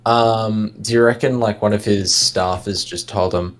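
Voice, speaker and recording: A man's voice: on the low side, steady tone, a little slow, hardly any pauses. Joking, profane young man chatting. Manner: joking, profane, laughs often. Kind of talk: casual chat.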